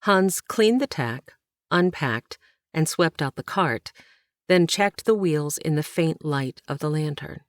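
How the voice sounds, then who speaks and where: Reading from a historical novel, this woman narrates in a steady, measured way, her voice on the low side for a female speaker. It's a dry, close-miked audiobook recording without any room ambience.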